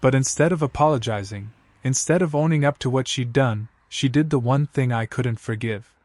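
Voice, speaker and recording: A man telling a dramatic first-person story in steady, scripted narration. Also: medium pitch, normal speed, no echo.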